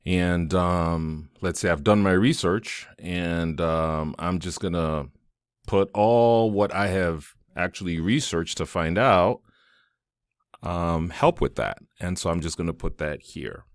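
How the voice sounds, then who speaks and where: Very low-voiced man walking through software. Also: slow pace, no room sound, clean studio sound. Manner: casual, enthusiastic, thinks aloud with fillers. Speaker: tutorial host. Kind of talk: screen-recorded software tutorial.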